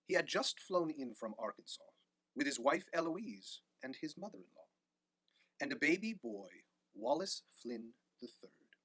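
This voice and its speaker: Animated storybook reader, husky and bright. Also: male voice, medium pitch, a little slow, no echo. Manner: animated rhyming read-aloud. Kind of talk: reading a picture book aloud.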